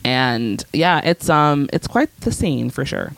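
A young woman co-hosting a casual podcast, recapping a TV episode with animated storytelling and high-pitched acted-out quotes. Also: slow pace, no room sound. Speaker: podcast co-host.

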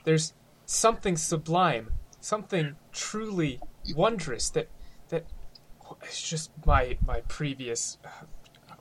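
A man's voice: on the high side, animated, slow pace, slight background noise. A man voicing his character, a scheming male scholar who feigns sincere reform, in an effusive, overly earnest manner.

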